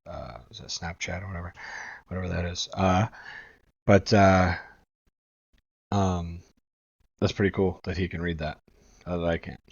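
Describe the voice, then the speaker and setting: A chatty reaction host from New England with a very low voice. He rambles on and drops the odd swear. The recording is dry and somewhat dull. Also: steady tone, moderate pace, gravelly, long pauses, dry recording. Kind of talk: casual commentary.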